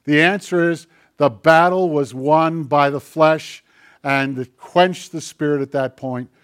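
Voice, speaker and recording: A male pastor delivering a sermon with a somewhat high voice. He talks conversationally, slips into acted-out quotes and throws quick asides to his listeners. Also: fairly even intonation, clean tone.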